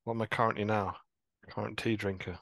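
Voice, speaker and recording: A man, co-hosting a podcast in a relaxed, teasing way. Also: fairly low pitch, dry recording. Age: 30s. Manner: laid-back, teasing, quick to laugh. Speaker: podcast co-host. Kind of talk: casual podcast chat.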